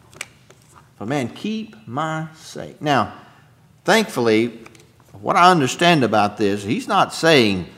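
Male pastor, unhurried sermon delivery, animated pitch, emphatic swells. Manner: emphatic preaching, dropping soft then rising loud; throat-clearing, chuckling asides to the congregation.

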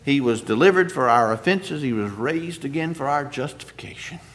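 A man's voice: mid-range voice, lively intonation, normal speed, a bit bright, a little hiss or hum. A man preaching a sermon, rising to emphatic scripture quotes and asking the congregation questions.

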